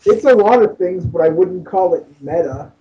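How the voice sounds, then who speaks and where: A man's voice: sits high, lively intonation, moderate pace, warm tone. A man co-hosting a casual podcast, making dry, sarcastic remarks. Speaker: podcast co-host. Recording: dull lo-fi mic.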